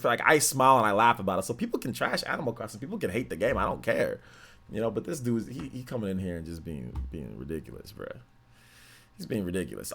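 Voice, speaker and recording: A man with a deep voice, hosting a gaming livestream in a laid-back, slangy, rambling way. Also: big pitch swings, moderate pace, creaky, sharp tone. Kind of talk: casual livestream chat.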